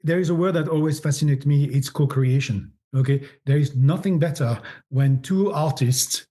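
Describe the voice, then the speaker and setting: A man's voice: on the high side, normal speed, warm tone. A middle-aged man with a French accent, a guest in a podcast interview, talking animatedly and often repeating words as he searches for phrasing. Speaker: agency founder, guest.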